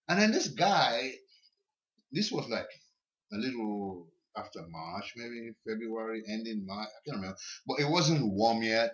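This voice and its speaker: A man appearing as a podcast guest tells a personal story in a casual, animated way, often repeating words. His voice sits on the low side and he speaks at a measured pace, recorded in a basement.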